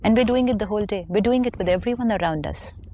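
A woman's voice: medium pitch, fast talker, dark tone, slight background noise. A woman speaking as a spiritual teacher on a talk show, explaining her ideas patiently and reflectively.

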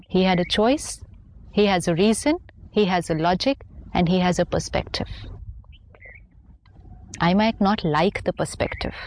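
A woman's voice: fairly low pitch, darkish tone. A woman speaking as a spiritual teacher on a talk show, explaining her ideas patiently and reflectively.

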